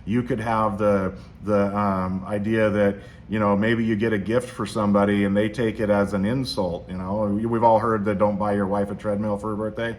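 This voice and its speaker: A man's voice: fairly low pitch, little pitch movement, moderate pace, few pauses, slight background noise. A man hosting a casual motivational monologue, rambling with frequent restarts. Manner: rambling, with many restarts and fillers. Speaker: host.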